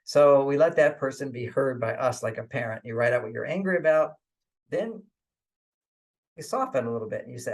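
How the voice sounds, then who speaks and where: Gravelly-voiced man giving relationship advice. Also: medium pitch, expressive, a little fast. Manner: chuckles often, repeats points and says 'okay'; acts out inner voices in quotes. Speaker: guest relationship author. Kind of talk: conversational advice in an interview.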